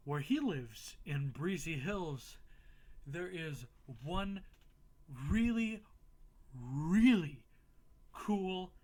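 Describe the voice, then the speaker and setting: A young man casually recapping a game playthrough, swearing freely and laughing at himself. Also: on the high side. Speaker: gaming YouTuber.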